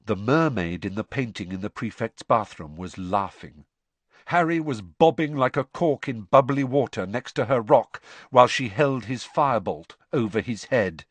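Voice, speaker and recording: Expressive audiobook narrator, very animated. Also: mid-range voice, normal speed, husky, no echo. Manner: expressive, dramatic reading. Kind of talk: scripted storybook narration.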